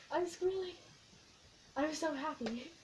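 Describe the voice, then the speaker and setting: A young woman vlogging, telling a long, excitable story in a casual, rambling way with lots of giggles. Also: fairly high pitch, normal speed, rough recording. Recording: faint background noise.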